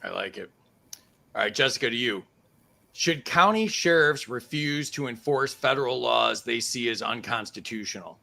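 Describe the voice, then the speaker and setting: A man's voice: mid-range voice, expressive, normal speed, vocal fry, bright, forceful tone. A man hosting a casual live-streamed game show over a video call, laughing easily between questions.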